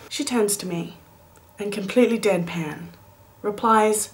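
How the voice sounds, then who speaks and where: A woman in her late twenties telling a comic story in a vlog, animated and playful, with dramatic whispered asides. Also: mid-range voice, unhurried, pauses often. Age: late 20s. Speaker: vlogger.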